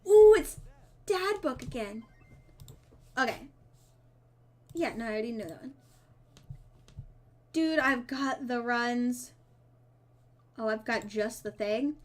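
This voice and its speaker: Lady streamer reading game lines out loud, kinda high voice, jokey little asides. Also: takes it slowly, pauses often. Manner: reads dialogue with playful asides, slips and self-corrections. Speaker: streamer playing a dating sim. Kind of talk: reading game text aloud with casual commentary.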